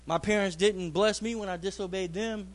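A man's voice: high voice, fairly even intonation, normal speed. A man preaching a fervent sermon in a church, repeating phrases for emphasis.

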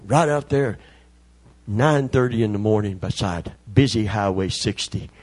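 A man, a preacher telling a folksy, animated story during a sermon. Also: fairly low pitch, unhurried. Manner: folksy, animated, acts out voices.

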